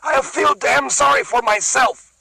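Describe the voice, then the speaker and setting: A man's voice: very high voice, measured pace, vocal fry, a crowd in the background, pitched above the performer's own voice, full character voice, low-quality recording. A man voicing a small, white-haired fugitive who talks loosely and lazily. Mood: indifferent. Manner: loose, lazy, shrugging.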